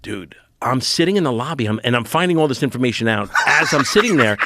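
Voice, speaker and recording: A man's voice: medium pitch, fast talker, heavy background noise. A middle-aged man telling a story in casual podcast chat. He keeps cutting himself off and restarting, and acts out his own panic as he retells it. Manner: rambling, self-interrupting, animated retelling. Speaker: comedian guest.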